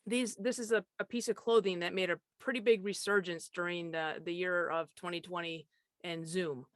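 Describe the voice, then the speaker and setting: A woman co-hosting a casual chat over a video call, running a party game in a playful, brisk way. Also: fairly low pitch, fairly even intonation, no room sound, studio quality. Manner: playful, brisk, repeats prompts.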